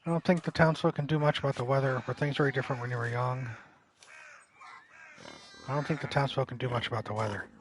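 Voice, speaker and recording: A man's voice: mid-range voice, steady tone, quick pace, pauses often, slight background noise, lightly acted, poor audio. A man reading aloud the lines of a curious young aspiring painter in a video game.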